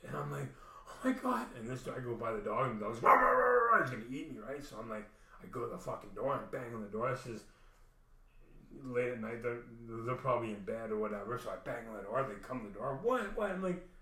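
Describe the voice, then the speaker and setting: A man's voice: mid-range voice, fairly even intonation, fast, pushed and bright. A young man casually telling a long personal story, rambling with many restarts and frequent swearing. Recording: roomy echo.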